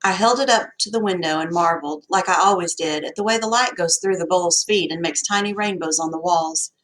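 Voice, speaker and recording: A woman narrating an audiobook in the first person, in a folksy, expressive storytelling manner. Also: fairly low pitch, brisk, poor audio.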